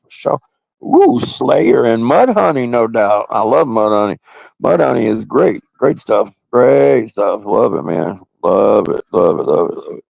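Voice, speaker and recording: A man's voice: on the low side, lively intonation, a little slow, darkish tone, dry recording. A man hosting a casual livestream, chatting loosely and crudely with viewers and often laughing. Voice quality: gravelly. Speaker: livestream host. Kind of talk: casual live-stream chat with viewers.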